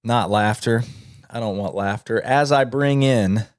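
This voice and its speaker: A man's voice: mid-range voice, measured pace, no room sound, studio quality. A man in his thirties, hosting a comedy show and closing it in a sincere, earnest way with joking asides. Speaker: host. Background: soft outro music.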